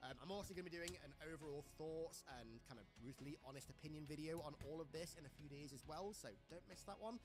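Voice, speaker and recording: A man's voice: a little high, fast, hardly any pauses. An enthusiastic man wrapping up a video as a game commentator. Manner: enthusiastic, upbeat. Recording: voice over loud music. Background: loud music.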